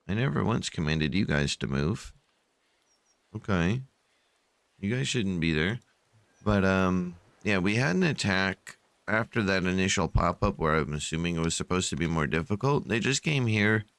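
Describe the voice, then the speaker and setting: A man's voice: low voice, expressive, moderate pace, creaky, fairly bright tone. A sleepy man casually narrating his strategy game, rambling with many fillers and yawns, at a desk microphone at home. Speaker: gameplay channel host.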